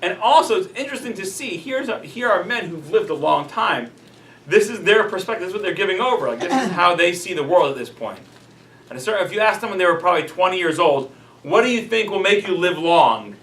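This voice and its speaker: A man's voice: high voice, lively intonation, fast, fairly bright tone, a little hiss or hum. A man, a rabbi, teaching a class in a casual, chatty storytelling way, full of "like" and "you know". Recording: roomy echo, mic at a distance.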